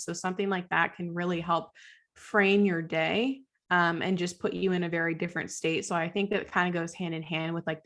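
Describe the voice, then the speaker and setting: Woman cohost, kinda low voice, super chatty, lots of "like" and laughing. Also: fairly bright tone. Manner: chatty, peppered with "like", laughs often. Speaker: podcast co-host, school counselor. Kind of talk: casual podcast chat.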